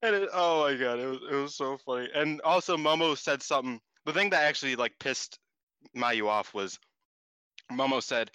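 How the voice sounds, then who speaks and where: A man co-hosting a podcast, chatting casually and excitably, laughing and swearing, his voice jumping up in disbelief. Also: medium pitch, normal speed, smooth, dry recording. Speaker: podcast co-host. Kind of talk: casual chat recapping wrestling.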